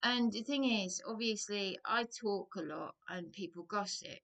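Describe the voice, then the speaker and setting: A woman's voice: mid-range voice, measured pace, fairly bright tone. A woman telling a rambling personal story to camera, drifting off on tangents with sighs and hesitations. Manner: digressive, hesitant, sighing. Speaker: vlogger.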